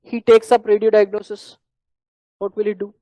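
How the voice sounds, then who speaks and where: A teacher with an Indian English accent giving a classroom lecture on medical exam prep, repeating points emphatically and clearing the throat often. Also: medium pitch, flat delivery, moderate pace, warm tone, no room sound, rough recording.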